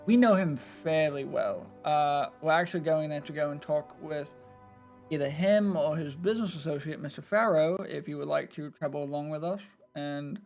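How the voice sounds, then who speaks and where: A man's voice: on the high side, gravelly, a little mellow. A man playing his character in a tabletop game, friendly and easygoing. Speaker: player. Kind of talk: in-character tabletop role-play.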